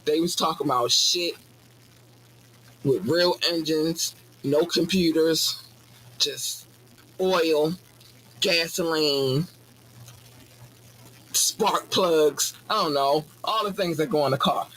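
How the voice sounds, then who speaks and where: A man hosting a podcast, talking in a casual comedic monologue with animated, profane, jokey ranting. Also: slow pace, long pauses, husky, poor audio. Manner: animated, profane, jokey ranting with sudden high-pitched outbursts. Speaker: podcast host.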